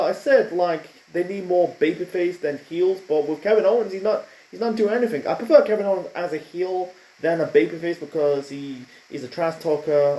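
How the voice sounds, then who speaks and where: In an echoey room, a man reviews a wrestling show casually, full of opinions, rambling, fillers, and restarts. His voice leans high but has a dark tone.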